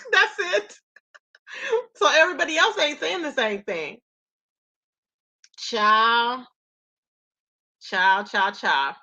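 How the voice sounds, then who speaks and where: A woman's voice: fairly high pitch, lively intonation, slow pace, pauses often, sharp tone. A woman hosting her own channel, chatting casually and laughing often as she recaps online gossip. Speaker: commentary channel host.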